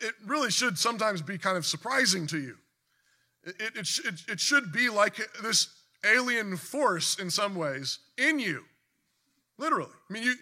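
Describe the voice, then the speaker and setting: A man delivers a sermon with a very bright, ringing tone. His voice sits high for a man, and he preaches earnestly, surging into emphatic bursts and often restarting mid-sentence.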